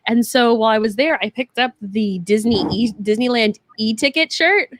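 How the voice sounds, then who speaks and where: A woman's voice: a little high, normal speed. Chatty joking woman cohost. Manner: chatty and joking, laughs easily. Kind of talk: casual chat on a video call.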